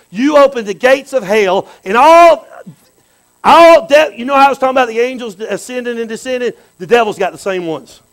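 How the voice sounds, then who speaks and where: Male bishop, very high voice, animated preaching with repeated amens. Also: rough recording. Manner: animated, repetitive, calls for amens. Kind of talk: sermon.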